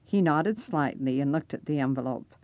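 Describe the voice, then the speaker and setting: A woman's voice: sits low, lively intonation, normal speed, a little mellow, dry recording, muffled recording. A woman narrating a first-person story aloud, reading expressively.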